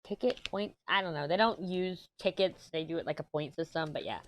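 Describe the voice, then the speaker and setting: A woman's voice: deep voice, brisk, a little hiss or hum. A woman, casually chatting as a crafting channel host and rambling through a story, correcting herself as she goes. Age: 30s. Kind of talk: casual chat while diamond painting.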